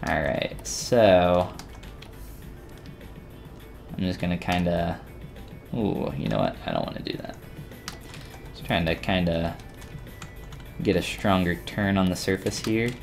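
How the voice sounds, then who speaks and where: A man casually chatting with viewers while he demonstrates 3D sculpting in a live-stream tutorial, relaxed and rambling with frequent restarts. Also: deep voice, slow pace, creaky, pauses often, faint music behind.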